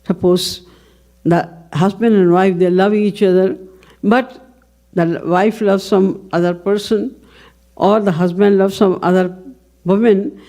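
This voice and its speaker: A woman gives a devotional lecture in a mellow, warm voice of middling pitch. She speaks with measured care and tells her stories step by step. She often asks a question and then answers it herself. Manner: measured storytelling, poses and answers own questions. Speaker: spiritual lecturer.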